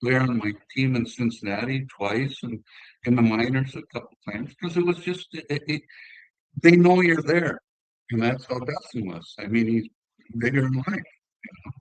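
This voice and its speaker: A man's voice: medium pitch, moderate pace, no echo, low-quality recording. Older northern Minnesota man telling stories. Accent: Upper Midwest. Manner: relaxed, rambling anecdotes. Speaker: interview guest, former hockey player. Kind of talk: casual conversational storytelling.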